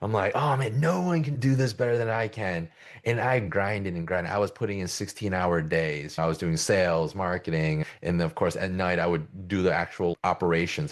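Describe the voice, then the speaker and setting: A man with a very deep voice coaching agency owners. He talks in a loose, conversational way and keeps checking in with "right?" as he explains. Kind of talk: presenting a business coaching session.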